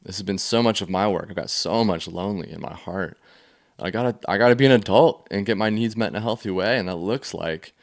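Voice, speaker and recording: A man's voice: fairly low pitch, a little fast, gravelly. A man giving a casual faith-based teaching on feelings, telling stories in a loose, conversational way with plenty of fillers. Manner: conversational, storytelling with many fillers.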